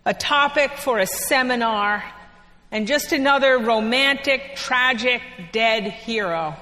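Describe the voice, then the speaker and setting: A woman preacher giving a sermon in a church, telling the story in an unhurried way with dramatic pauses. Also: a little high, bright, forceful tone. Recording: long echo of a church hall.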